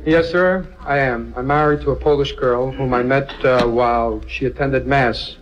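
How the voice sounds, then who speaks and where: A man's voice: mid-range voice, fairly even intonation, moderate pace. Courteous male contestant, formal, recorded lo-fi and dull. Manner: polite, formal. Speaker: game show contestant.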